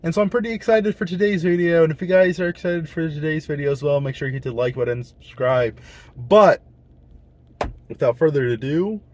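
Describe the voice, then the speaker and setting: A young man talks straight to his viewers in a loose, rambling way. He tosses in slang and stumbles over restarts. His voice sits a little on the high side. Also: fairly quick, a little mellow. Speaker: vlogger. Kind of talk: casual vlog chat.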